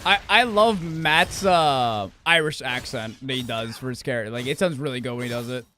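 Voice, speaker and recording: A man's voice: medium pitch, normal speed, sharp tone, a little hiss or hum. A man streaming a game, chatting casually in a loose, profane, rambling way. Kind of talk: casual gaming stream chat.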